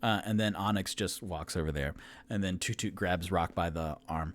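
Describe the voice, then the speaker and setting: A man's voice: deep voice, moderate pace. A man running a tabletop game on his own, narrating casually with many fillers. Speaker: game master and sole player.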